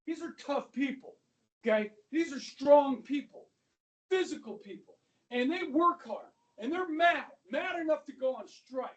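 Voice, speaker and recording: A male high school history teacher giving an animated classroom lecture, talking straight to his students and dropping to a whisper for asides. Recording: voice from a distance across a classroom.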